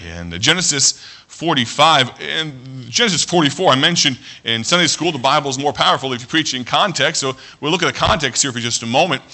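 Male pastor, mid-pitched, very bright sharp tone, earnest sermon delivery with restarts. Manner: earnest preaching with frequent restarts, slows to read scripture.

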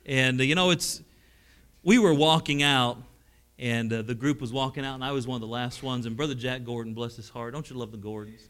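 A middle-aged male preacher with a drawl and a bright, forceful voice. He tells stories from the pulpit, rising to loud, exclaiming peaks and then dropping to hushed, heartfelt lines. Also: medium pitch, steady tone, a little fast, clear, resonant tone. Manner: storytelling, swings from loud exclamations to hushed emotional tones. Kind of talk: sermon.

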